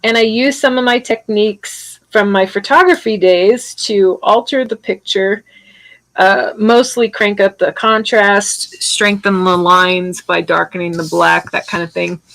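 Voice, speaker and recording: A middle-aged woman talks loosely through her painting session on a live stream, her voice bright and forward. She rambles, circles back on herself and chats with her viewers as she works, heard close and dry with no room around her. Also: medium pitch, steady tone, a little slow, gravelly, no echo, rough recording. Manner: rambling and chatty, full of restarts, answers viewer comments. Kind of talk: casual live-stream chat while painting.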